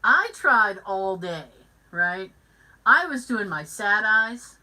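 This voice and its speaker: A woman's voice: medium pitch, slow pace, poor audio. A woman hosting a podcast, chatting casually and acting out the voices of people in her stories. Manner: animated storyteller who acts out every voice in her anecdotes. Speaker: podcast host. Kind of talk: casual chat.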